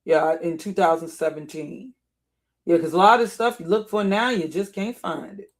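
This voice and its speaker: A live streamer with a mid-range voice, at a moderate pace, gives casual, off-the-cuff commentary on what's on screen. He thinks aloud, circling back with repeated words and restarted phrases, and a rising exasperated edge builds as he grows agitated.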